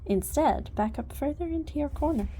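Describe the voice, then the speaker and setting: A woman's voice: high-pitched, lively intonation, moderate pace, mellow, slight background noise. A woman horse trainer giving casual instruction, chatty and coaxing as she talks to her horse.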